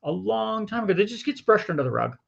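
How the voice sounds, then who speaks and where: Gravelly middle-aged man, halting. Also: high-pitched, sing-song, fairly bright tone. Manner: halting, repeats words as he thinks. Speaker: podcast co-host. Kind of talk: political commentary chat. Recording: dull lo-fi audio.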